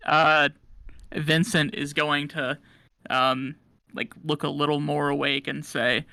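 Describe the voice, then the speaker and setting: A man's voice: on the high side, little pitch movement, slow pace, vocal fry, sharp tone, no room sound. A man playing a sleepy character in a tabletop game, with a drawling manner. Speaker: player. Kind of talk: casual tabletop role-play.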